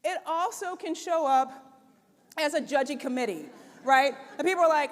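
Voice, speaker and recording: A woman giving a conference keynote, talking in a conversational, expressive way with lots of "right?" and "like". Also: high voice, normal speed. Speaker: conference speaker. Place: conference hall. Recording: long hall reverb.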